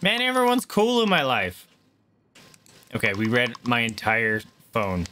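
A man gives casual gameplay commentary, reading messages off the screen and tossing in quick, sometimes profane reactions. His voice is bright and forward, at an ordinary pitch for a man. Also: wildly swooping pitch, slight background noise. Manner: reads in-game texts aloud with quick, swearing reactions. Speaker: let's play gamer.

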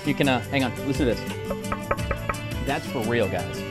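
A man's voice: medium pitch, lively intonation, normal speed, over loud music. A man hosting a casual radio interview, joking and poking fun at himself. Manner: jokey, self-mocking banter. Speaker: radio host.

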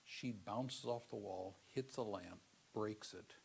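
Earnest lower-voiced male lecturer. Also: slow, gravelly, a little hiss or hum. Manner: earnest storyteller with sudden loud emphatic bursts. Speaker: seminary lecturer. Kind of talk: classroom theology lecture with personal storytelling.

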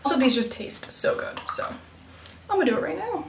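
A woman's voice: sits high, very animated, fast, gravelly, noisy background. A teenage girl vlogging about her skincare in a casual, rambling way, full of "like" and "um". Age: teens. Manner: chatty, rambling, fills with "like" and "um". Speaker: beauty vlogger. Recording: roomy, mic at a distance.

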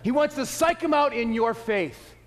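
A man preaching a playful, lively sermon to a church, swinging between loud exclaims and quiet asides. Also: very high-pitched, moderate pace. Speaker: pastor. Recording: echoey hall.

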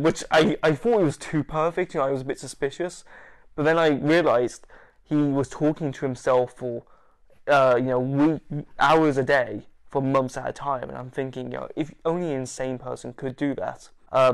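Animated man telling stories. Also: mid-range voice, moderate pace, creaky. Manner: animated, laughing, swearing, with acted-out quotes. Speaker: interviewee. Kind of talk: casual storytelling.

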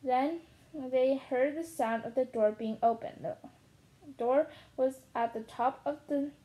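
A woman reading a children's book aloud in a steady way, with small slips and restarts. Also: high voice, measured pace, poor audio. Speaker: storyteller.

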